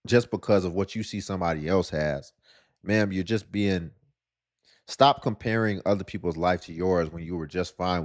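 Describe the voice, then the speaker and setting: Sarcastic man lecturing on a clip. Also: lowish voice. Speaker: commentator. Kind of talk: reaction commentary.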